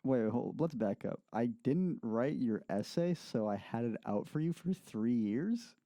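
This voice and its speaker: Guy doing an earnest young guy, deep dark tone, protesting. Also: animated, measured pace, no echo. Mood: defensive. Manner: defensive, protesting. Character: earnest young man, wrongly accused.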